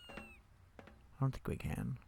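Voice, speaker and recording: A man's voice: a little slow, dark tone, a little hiss or hum. A man streaming a game, thinking aloud in casual commentary with wry, sarcastic asides.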